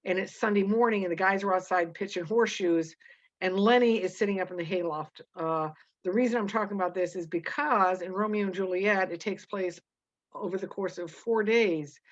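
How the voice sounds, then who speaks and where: A woman teacher explains a novel chapter and reads passages aloud, halting often with many fillers and restarts. Her voice is mid-range, and the recording sounds muffled.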